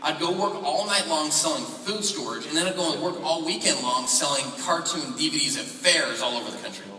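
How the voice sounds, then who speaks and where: A man's voice: a little high, expressive, fairly quick, pushed and bright, slight background noise. A man in his twenties giving a motivational talk at a convention, telling stories animatedly and acting out phone calls. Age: 20s. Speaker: convention speaker. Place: large convention hall. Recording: echoey hall recording from far off.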